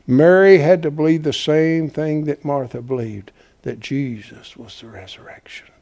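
A male preacher delivering a folksy, dramatic sermon, swinging between hushed whispers and shouts. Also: a little high, normal speed.

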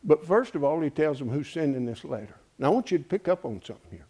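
A man preaching a sermon in a folksy, animated way, with exclamations of praise. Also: fairly high pitch, fast talker. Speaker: pastor.

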